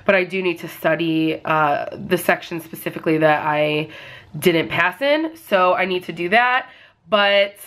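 A woman's voice: on the low side, fairly bright tone. A young woman with a nasal voice, chatting casually to camera at home in a rambling vlog. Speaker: vlogger. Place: at home, indoors.

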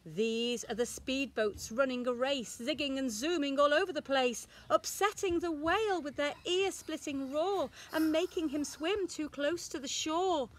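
Slow, sing-song woman reading a picture book. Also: high voice. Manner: slow, sing-song and expressive, leaning into rhymes. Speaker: infant school teacher. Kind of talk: reading a picture book aloud to young children.

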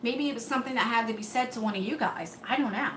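A woman's voice: fairly high pitch, fast talker, a bit bright, echoey room, slight background noise, rough recording. A woman, hosting a live beauty stream from home and answering viewers' comments in a chatty way. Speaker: beauty channel host. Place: home room under hot lights.

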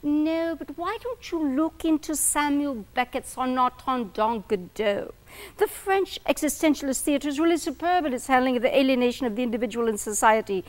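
A woman voicing a pompous, distinguished male college professor with an affected British accent, lecturing in a lofty, rapid way. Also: sits high, close to an everyday voice. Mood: dismissive.

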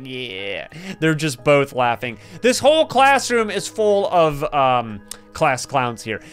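A young man playing a game on his channel, reading dialogue aloud and reacting with excited commentary to viewers. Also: on the high side, clean tone. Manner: excitable, gasping, laughing, addresses viewers as you guys. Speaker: gaming YouTuber.

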